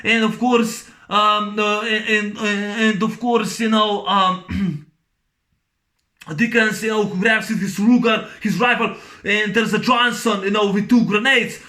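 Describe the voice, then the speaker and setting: Movie reviewer, male, high-pitched and bright; casual rambling recap, many fillers, bursts into sound effects. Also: fairly even intonation, slow. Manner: laughs while recounting scenes.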